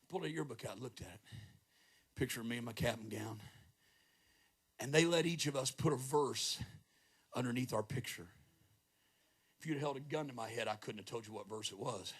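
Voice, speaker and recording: A man in his fifties preaching a sermon as a guest preacher at a church service, telling stories with joking asides and rising to shouted peaks. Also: mid-range voice, moderate pace, long pauses, breathy edge. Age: 50s.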